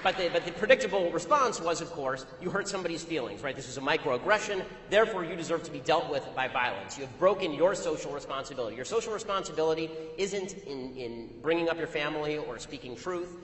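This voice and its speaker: A man speaks fast and pointedly, in a slightly raised voice, stringing a combative anecdote together without pause. The sound is roomy, with a long hall reverb trailing each phrase. It comes across as a live talk captured in a large venue. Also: fairly high pitch, expressive, fairly bright tone. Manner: rapid, argumentative storytelling. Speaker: public speaker. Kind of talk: anecdotal speech to an audience.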